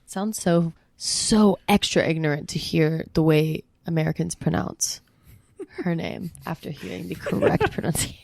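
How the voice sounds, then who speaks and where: A woman's voice: sits low, fairly even intonation, creaky, darkish tone, no echo. A woman guesting on a casual film podcast, talking in a playful, joking way. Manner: playful, giggly, quick to joke.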